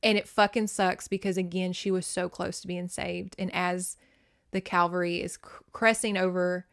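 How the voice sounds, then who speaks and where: A woman's voice: lowish voice, little pitch movement, moderate pace, creaky, a bit bright, clear, resonant tone. A woman hosting a podcast, recapping a novel in casual chat, swearing often and reacting with feeling. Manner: profane, emotionally invested storytelling. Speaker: podcast host.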